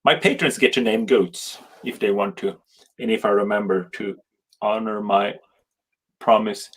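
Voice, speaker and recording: A man hosting a live show who reads out viewer comments and jokes around, talking haltingly with frequent restarts. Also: on the low side, fairly even intonation, slightly rough. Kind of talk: casual live-stream chat, reading viewer comments.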